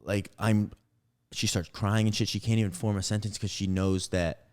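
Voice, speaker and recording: A man's voice: fairly low pitch, moderate pace, clean tone. A young man casually telling a rambling story on a podcast, acting out what each person said. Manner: rambling, animated retelling with acted-out quotes.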